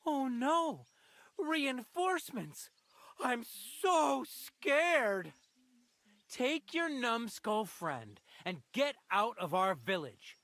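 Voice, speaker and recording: An actor voicing a scornful, mocking village bully in a video game. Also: male voice, extremely high pitch, big pitch swings, slow pace, pushed and bright, dry recording, full character voice. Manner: mocking, taunting. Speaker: game character.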